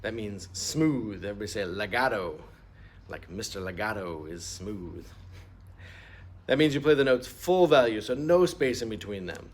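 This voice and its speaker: Expressive and fairly quick, with few pauses, a middle-aged man's medium-pitched voice leads an instrument lesson walkthrough. He explains each step patiently and has students repeat the terms aloud.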